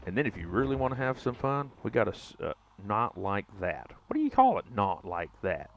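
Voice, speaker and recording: A young man in his twenties with a drawl, ribbing his chat as he plays. His voice sits fairly low. The stream mic sounds dull and lo-fi. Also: big pitch swings, fairly quick, creaky. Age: 20s. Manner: joking, teasing chat, drawling. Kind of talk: casual live-stream chat while gaming.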